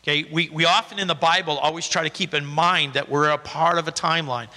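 A man's voice: fairly high pitch, fairly even intonation, quick pace, bright, forceful tone. A male pastor reading scripture with emphatic stresses, then explaining it in a conversational sermon. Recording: reverberant hall.

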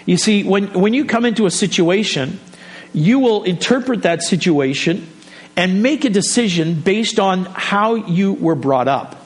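A middle-aged man, the pastor, preaching a sermon in a relaxed, conversational way, often breaking off mid-sentence and dropping joking asides to the congregation. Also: sits high, measured pace. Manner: conversational, self-interrupting, jokey asides.

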